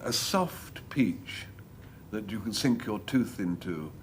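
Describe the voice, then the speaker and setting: A man's voice: fairly low pitch, expressive, slow, background noise. A man captaining a panel game team, talking in a hesitant, amused way.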